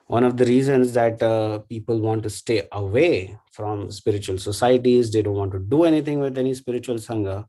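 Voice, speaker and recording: A man giving a devotional class talk in a thoughtful, halting way, with frequent fillers and tag questions. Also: fairly low pitch, steady tone, warm tone. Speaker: devotional speaker.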